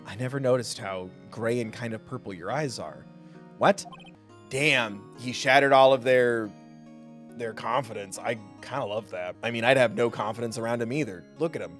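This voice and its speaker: A man's voice: on the low side, a little slow, long pauses, fairly bright tone, faint music behind. A man streaming a game, giving playful, wisecracking commentary. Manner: playful, wisecracking, laughing often. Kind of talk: jokey gameplay commentary.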